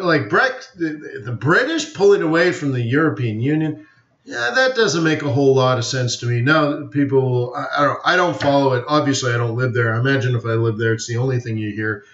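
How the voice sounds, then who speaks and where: Speaking at a moderate pace, this man has an expressive mid-range voice with a fairly bright tone. He's running a live forex webinar as casual stream commentary, rambling, opinionated and jokey, with lots of fillers, and the lo-fi audio sounds roomy and dull.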